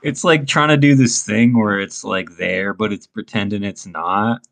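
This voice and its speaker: A young man with a somewhat low voice co-hosts a podcast. He talks in crude, laughing banter and throws in "dude" and "bro" all the time. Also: a little slow, vocal fry, fairly bright tone. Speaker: podcast co-host. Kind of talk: casual chat.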